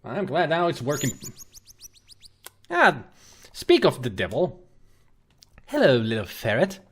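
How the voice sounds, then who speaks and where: A man's voice: medium pitch, huge pitch swings, slow, fairly bright tone, slightly rough. A man casually chatting and rambling on a livestream while playing an adventure game, using a webcam and laptop setup. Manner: chatty, rambling, with frequent fillers and restarts. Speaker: game streamer.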